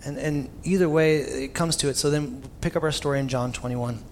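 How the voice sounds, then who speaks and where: A young man preaches in a loose, chatty storytelling way, full of casual asides. His voice sits a little high for a man, and a faint hiss of noise runs under it. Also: steady tone, a little fast. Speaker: pastor. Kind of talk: sermon.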